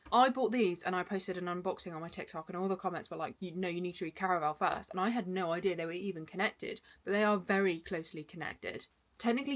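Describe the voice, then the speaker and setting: A young woman talks through her monthly reading wrap-up in an easy, chatty way. She is enthusiastic and drops quick asides as she goes. Her voice sits at a middle pitch. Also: fairly bright tone. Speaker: book content creator. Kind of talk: casual book wrap-up chat.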